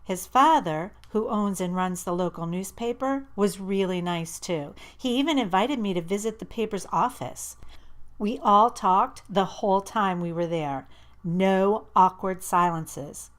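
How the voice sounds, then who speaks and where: A woman reading an audiobook, voicing an eager, chatty teenage girl who talks with excited, rising emphasis. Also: medium pitch, unhurried, lightly acted.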